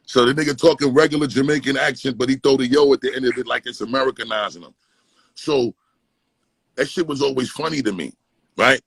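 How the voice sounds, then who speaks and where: A man from Brooklyn, telling animated, profane stories as a guest and slipping into impressions. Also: medium pitch, fairly quick, vocal fry, husky, no echo, rough recording. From East Flatbush, Brooklyn, New York. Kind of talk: casual storytelling.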